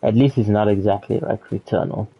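A man's voice: on the low side, fairly even intonation, normal speed, vocal fry, husky, lo-fi sound. A man streaming a video game, reacting casually, swearing now and then, and reading in-game text aloud. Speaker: gaming streamer. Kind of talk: let's play commentary.

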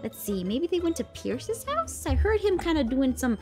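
Lady doing a high squeaky bratty kitten girl, meows nonstop, voice jumps all over, game music behind. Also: very animated, moderate pace. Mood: gleeful. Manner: meows constantly, gleeful and sneaky. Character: mischievous little girl kitten, playful and bratty. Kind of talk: Minecraft role-play.

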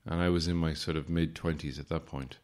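A man's voice: extremely low pitch, fairly even intonation, brisk, a little mellow. A man in his late twenties or thirties hosting a podcast, telling casual stories with a wry, sarcastic streak. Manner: wry, sarcastic anecdotes with mock-formal asides. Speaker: podcast host. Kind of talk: casual storytelling monologue.

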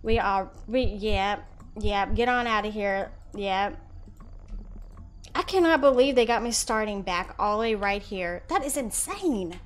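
A young woman streaming a horror game, chatting with her viewers and reacting loudly. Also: mid-range voice, a little slow, faint music behind. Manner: chatty, loud reactions, talks to chat. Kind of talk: live horror game commentary.

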